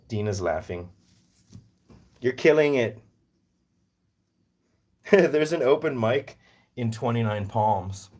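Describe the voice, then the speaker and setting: A man's voice: medium pitch, lively intonation, takes it slowly, long pauses, a little mellow. Jokey man chatting on a live stream. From Northern Virginia, US East Coast. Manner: jokey, rambling, answers chat aloud. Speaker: animal rescue live-stream host. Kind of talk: casual live chat, reading viewer comments.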